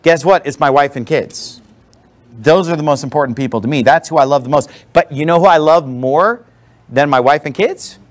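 In a church with a responding congregation, a pastor preaches a blunt, emphatic sermon sprinkled with sarcastic asides. His voice is fairly high pitched and he speaks at a moderate pace.

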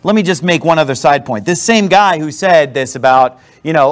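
High, lively-voiced preaching man. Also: normal speed, hardly any pauses. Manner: emphatic, blunt, with sarcastic asides. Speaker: pastor. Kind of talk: sermon. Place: church with a responding congregation.

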